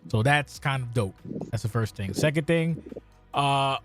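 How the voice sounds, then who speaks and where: A man's voice: medium pitch, measured pace, fairly bright tone, faint music behind. A man hosting a casual podcast chat, cursing freely and directing the order of speakers. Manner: swears freely, runs the order. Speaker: podcast host.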